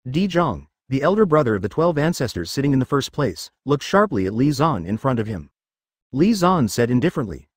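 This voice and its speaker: A man narrating a web novel aloud in an even, machine-like reading. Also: medium pitch, a little fast, dry recording, studio quality. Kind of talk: text-to-speech novel reading.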